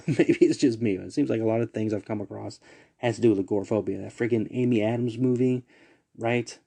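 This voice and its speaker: A man's voice: medium pitch, brisk, gravelly, dark tone, slightly rough. A man hosting a casual solo podcast, reading out listings and rambling with laughs and asides. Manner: loose, rambling, laughs at his own asides. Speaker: podcast host.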